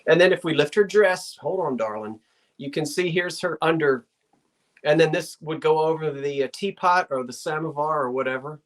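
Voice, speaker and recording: A woman's voice: sits low, fairly even intonation, moderate pace. A woman hosting a live online sale, describing an item in casual, rambling chat full of asides.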